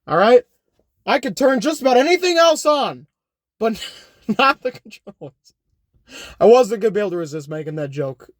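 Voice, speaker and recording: Jokey young man with a lively, high voice. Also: moderate pace, pauses often, no room sound, clean studio sound. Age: young adult. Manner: rambling, jokey, self-correcting, repeats "all right?". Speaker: YouTuber. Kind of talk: unscripted comedic vlog rant. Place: home.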